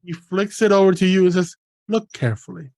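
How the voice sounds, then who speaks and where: A game master narrating a tabletop game in a relaxed way, with many fillers. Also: medium pitch, fast talker, no room sound.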